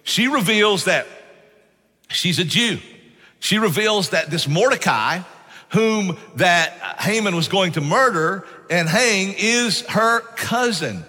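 A man's voice: high voice, lively intonation, slow, bright, forceful tone, big-room sound. A man preaching a sermon, telling stories in a folksy way and often saying "man". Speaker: pastor. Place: church sanctuary.

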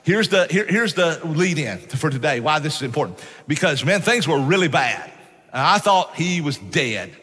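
A man's voice: on the high side, sing-song, normal speed, a bit bright. Man, pastor's sermon, folksy storyteller, long church-hall reverb. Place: church sanctuary.

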